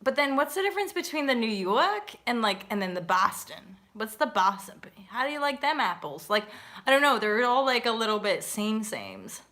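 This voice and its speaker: A woman's voice: a little high, sing-song, moderate pace, hardly any pauses, bright, forceful tone. A woman hosting a casual livestream, chatting in a bubbly way, laughing often and swearing freely. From Canada. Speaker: livestream host.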